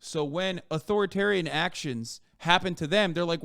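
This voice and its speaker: A man streaming, ranting in casual commentary with a profane, mocking edge that swings from low mutters to loud outbursts. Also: moderate pace, creaky, no echo, clean studio sound.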